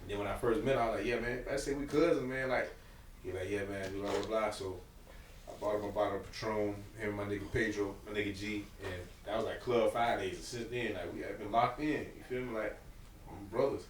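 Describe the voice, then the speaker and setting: A man's voice: on the low side, fairly even intonation, fast talker. Laid-back man, far from the mic. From Florida. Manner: laid-back storyteller, laughs through his stories. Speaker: podcast guest. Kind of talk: casual storytelling chat. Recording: echoey room, far from the mic, faint hum.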